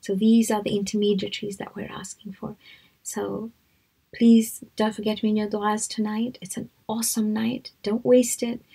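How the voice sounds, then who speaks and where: A middle-aged woman giving a live devotional talk, speaking gently, often dropping to a soft near-whisper as she tells stories and leads listeners in recitation. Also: mid-range voice, flat delivery, moderate pace, gravelly, breathy edge, rough recording. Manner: storytelling, guiding listeners to recite along. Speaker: religious speaker.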